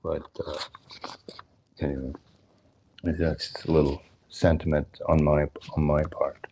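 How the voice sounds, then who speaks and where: A man's voice: very deep voice, little pitch movement, measured pace, mellow, a little hiss or hum. An older man giving a sermon at a temple, explaining scripture, chanting verses and asking his listeners questions, with a joke and a chuckle now and then. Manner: jokes, chuckles between points. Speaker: temple speaker.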